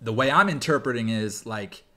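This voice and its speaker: Excitable man breaking down rap lyrics. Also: medium pitch, moderate pace. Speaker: reaction video host. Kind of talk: casual music reaction commentary.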